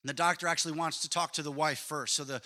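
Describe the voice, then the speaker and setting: A man preaching a sermon as a pastor, lively and emphatic, telling stories. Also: on the high side, fast talker.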